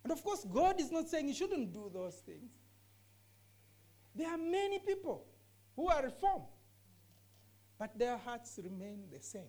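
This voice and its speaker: Woman, scripture teacher in a discussion; earnest, emphatic, repeats points, lively pitch. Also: unhurried, pauses often. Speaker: bible teacher.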